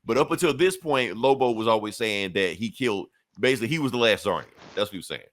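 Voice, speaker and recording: A man's voice: lowish voice, animated, fairly bright tone, no echo. A man hosting a comic book podcast, chatting loosely and swearing as he retells events. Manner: loose, profane storytelling with quick acted-out quotes. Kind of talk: casual chat.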